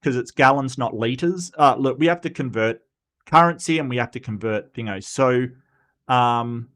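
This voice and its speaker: A man's voice: mid-range voice, moderate pace, a bit bright. Chatty Australian man hosting a livestream. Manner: chatty and rambling, with frequent restarts and asides. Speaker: livestream host. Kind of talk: casual livestream commentary.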